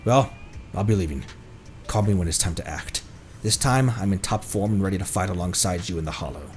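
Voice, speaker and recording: A man doing a cool, low-voiced ally. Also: fairly quick, darkish tone, slight background noise, lightly acted. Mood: composed.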